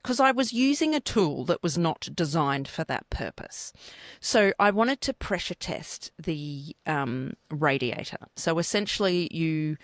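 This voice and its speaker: A woman's voice: low-pitched, no echo, studio quality. An Australian woman co-hosting a casual chat show, telling stories bluntly and with plenty of swearing. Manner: animated, blunt storytelling with swearing. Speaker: podcast co-host.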